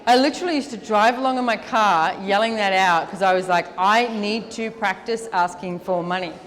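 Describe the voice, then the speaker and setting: A woman speaking as the featured speaker at a live seminar, answering audience questions in a chatty, lively way full of "like"s. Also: mid-range voice, normal speed, a little hiss or hum. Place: large event hall with an audience. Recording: long reverb of a large hall.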